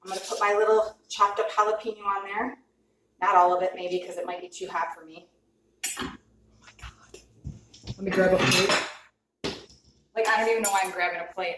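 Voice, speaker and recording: A woman chatting excitedly to viewers as she cooks and tastes food, gushing and talking straight to the camera. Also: medium pitch, background noise. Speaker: cooking vlogger. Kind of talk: casual cooking chat to camera. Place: home kitchen. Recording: echoey kitchen, mic at a distance. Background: clinking dishes and cutlery.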